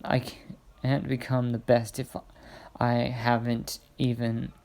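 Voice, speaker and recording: Man reading a young fighter in a fan story; halting, gravelly delivery. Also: mid-range voice, flat delivery, darkish tone. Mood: earnest. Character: brash young male fighter.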